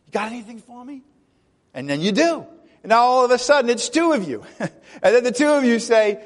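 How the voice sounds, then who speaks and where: High-voiced pastor preaching in a hall. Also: male voice, lively intonation, fairly quick. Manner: chatty, laughing often, acts out quoted voices. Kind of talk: sermon. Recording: long hall reverb.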